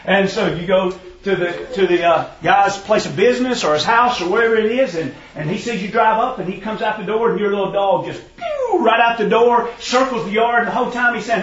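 A man preaching in a relaxed, folksy storytelling style. His voice sits a little high, and the sound is muffled, as if the mic is far away. The room around him is echoey. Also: a little fast, slight background noise. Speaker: preacher teaching a parenting class. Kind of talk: sermon.

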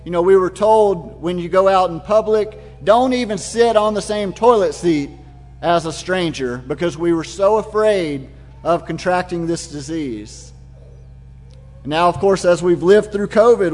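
Man preaching, high voice, vivid storytelling, long hall echo. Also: darkish tone. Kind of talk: sermon.

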